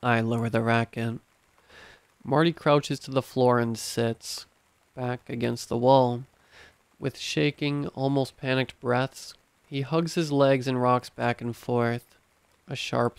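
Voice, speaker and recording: Gravelly-voiced man narrating horror stories. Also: mid-range voice, no room sound. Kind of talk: scripted horror story narration.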